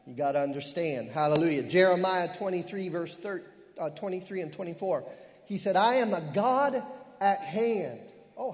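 A middle-aged man preaching a fervent sermon as pastor, sprinkling in amens and hallelujahs and slowing down hard on key phrases. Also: on the high side. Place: church. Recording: long reverb of a church hall.

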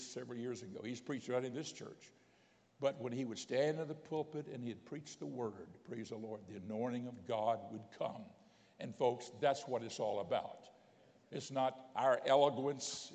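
Gravelly preacher in a reverberant church. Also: male voice, medium pitch. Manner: storytelling preacher, swings from soft to loud exclamations. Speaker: bishop preaching. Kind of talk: sermon. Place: church sanctuary.

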